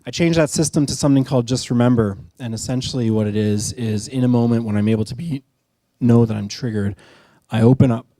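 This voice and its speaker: A man's voice: mid-range voice, mellow, no room sound, clean studio sound. A middle-aged man telling a candid, self-deprecating personal story on stage at a live storytelling event.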